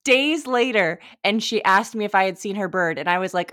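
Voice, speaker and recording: A woman's voice: mid-range voice, animated, fairly quick, few pauses, a bit bright. A young woman co-hosting a podcast, chiming in with wry, blunt remarks and casual swearing. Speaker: podcast co-host. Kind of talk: casual chat.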